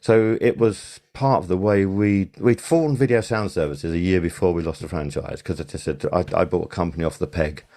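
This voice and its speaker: A man's voice: sits low, brisk, hardly any pauses, warm tone. An older man, a former sound supervisor, telling long rambling anecdotes in a casual podcast interview, full of fillers and restarts.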